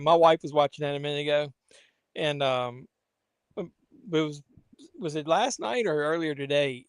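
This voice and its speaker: A man's voice: fairly high pitch, dry recording. A man hosting a casual live watch-along stream, rambling to chat viewers between asides. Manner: rambling, talks to viewers and his pet.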